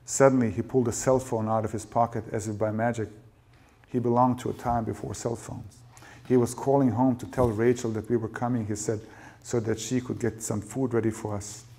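A novelist reading his own fiction aloud at a lecture event, with measured, dry storytelling. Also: medium pitch, flat delivery, vocal fry, warm tone.

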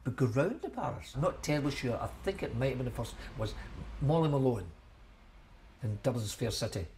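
A man's voice: medium pitch, animated, a little fast, a little mellow, a little hiss or hum. Chatty older Scottish man reminiscing. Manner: chatty, rambling, repeats himself, chuckles at memories. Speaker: shellfish shop owner. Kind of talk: reminiscing in a documentary interview.

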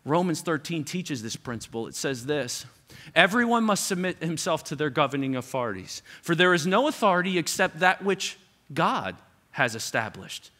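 A middle-aged man preaching a sermon as pastor, animated, acting out the people he quotes. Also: on the high side, moderate pace. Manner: animated, acts out quoted parents with raised voice.

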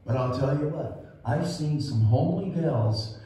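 A man's voice: mid-range voice, unhurried, dark tone. A male pastor preaching a sermon, reading scripture in a folksy way and commenting on it as he goes. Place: church sanctuary. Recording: roomy church hall, mic heard from a distance.

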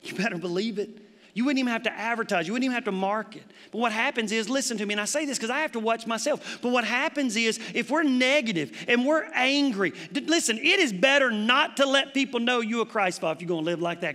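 A man's voice: sits high, brisk, fairly bright tone. A middle-aged man preaching an emphatic, conversational sermon full of rhetorical questions. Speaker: pastor. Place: church sanctuary. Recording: long hall reverb from a church broadcast.

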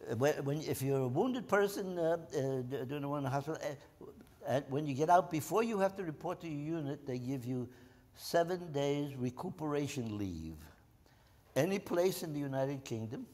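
A man in his nineties, a veteran, telling lively anecdotes to an audience and acting out the quotes. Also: on the high side, moderate pace. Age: 90s. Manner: animated, with many restarts and acted-out quotes. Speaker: World War II veteran guest. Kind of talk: storytelling anecdotes to a live audience. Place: museum event hall. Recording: echoey hall.

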